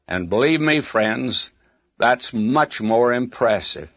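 A man's voice: medium pitch, expressive, slow. A man preaching a verse-by-verse sermon as a Bible teacher, in a folksy way with frequent asides.

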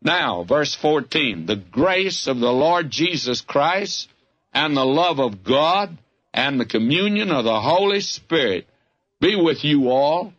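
A man's voice: a little high, big pitch swings, takes it slowly, fairly bright tone, highs cut off. An older man with a Southern US accent, preaching a folksy, fervent radio sermon that keeps calling the listener "friend". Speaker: radio Bible teacher.

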